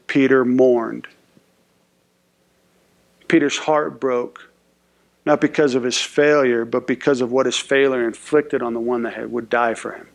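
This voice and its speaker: A man's voice: mid-range voice, vocal fry. A male pastor giving a conversational sermon who acts out short voices and often repeats words as he talks.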